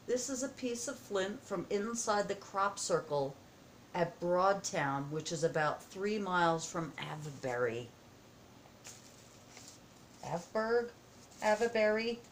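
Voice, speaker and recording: A woman vlogging at home as she opens happy mail, excited, gasping and halting with many fillers. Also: lowish voice, a little hiss or hum. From United States. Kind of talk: casual vlog chat. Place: home, indoors.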